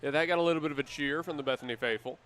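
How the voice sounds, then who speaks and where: A man doing live play-by-play commentary for a baseball game with energetic, measured play-calling. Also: a little high. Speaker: play-by-play announcer.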